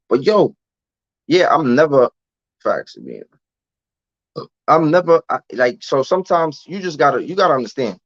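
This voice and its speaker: A man's voice: medium pitch, a bit bright, no room sound. A man, telling a candid story as a podcast guest in streetwise slang. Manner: streetwise slang, often adds "you know what I'm saying". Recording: dull, dry lo-fi recording.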